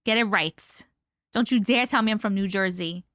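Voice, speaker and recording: A young woman from Long Island, New York, hosts a casual live stream chat, giggling and swearing freely as she reads comments aloud. Her mid-range voice is fairly bright and moves at a moderate pace. The recording is clean studio sound with no room echo.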